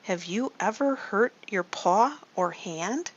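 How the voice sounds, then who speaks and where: A woman leading a guided story meditation for children, slow and soothing, often asking the listener questions. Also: medium pitch, lively intonation. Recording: dull lo-fi recording.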